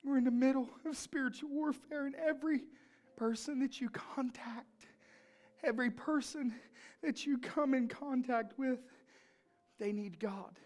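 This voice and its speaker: Brief: woman preacher, fairly high pitch, emphatic storytelling sermon. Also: normal speed, a little mellow. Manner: storytelling, emphatic, builds to fervent pleading.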